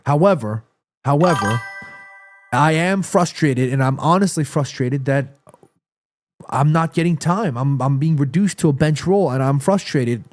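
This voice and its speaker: A man's voice: fairly high pitch, expressive, normal speed, soft background music, close to an everyday voice. Earnest star footballer addressing fans, put on by a man, frustrated but resolute.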